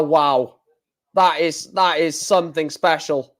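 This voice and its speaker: An excitable man commentating live on a stream, shouting and repeating himself at big moments. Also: sits high, takes it slowly.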